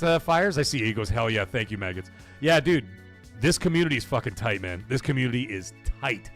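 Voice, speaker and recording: A man's voice: mid-range voice, animated, brisk. Hyped man hosting a livestream. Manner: hyped, shouting, cursing, reading super chats aloud. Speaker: livestream host. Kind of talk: excited gaming livestream chat. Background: soundboard music and crowd cheers.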